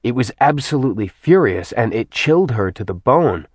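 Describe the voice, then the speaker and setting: A man narrating an audiobook in a soft, even storytelling manner. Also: medium pitch, normal speed, breathy edge, dry recording. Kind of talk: scripted narration.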